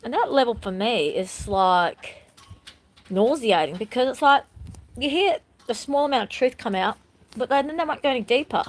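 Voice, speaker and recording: A woman's voice: a little high, animated, moderate pace, rough recording. A woman talking candidly in a rambling, emotional personal vlog, filmed at home on a phone. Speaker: vlogger.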